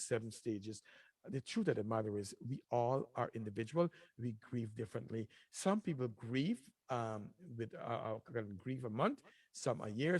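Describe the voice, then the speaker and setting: A man's voice: mid-range voice, darkish tone, husky, dry recording, rough recording. A middle-aged man hosting a talk show, giving earnest, repetitive advice with many filler ums. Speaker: radio show host.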